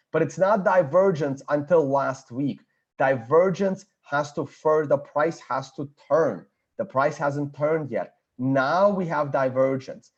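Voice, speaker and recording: A man's voice: on the high side, dull audio. Blunt man talking through charts. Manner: blunt, confident, thinks aloud over a chart. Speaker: market analyst. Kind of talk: screen-share chart analysis.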